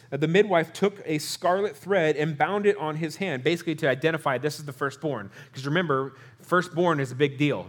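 Guy preaching, slightly high voice, acts out the story people, chats with the crowd. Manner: animated, acts out quotes in character voices; conversational, asks the audience questions. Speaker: pastor. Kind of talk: sermon.

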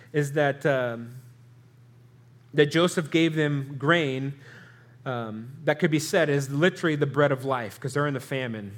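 A young male pastor working through a Bible chapter in a relaxed, conversational way. His voice sits a little higher than most men's. He restarts phrases and keeps asking his listeners rhetorical questions. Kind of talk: expository Bible sermon.

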